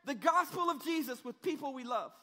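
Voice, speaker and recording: High, bright-voiced preacher in a hall. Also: male voice, animated, fairly quick, faint music behind. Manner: retells scripture in casual slang, rises to shouting. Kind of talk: sermon. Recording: reverberant hall.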